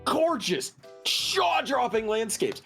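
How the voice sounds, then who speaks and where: A streamer chatting casually during a gaming stream, ranting in an animated way with plenty of swearing. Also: medium pitch, takes it slowly, creaky, faint music behind. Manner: animated, profane ranting with frequent laughter. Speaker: streamer and co-host.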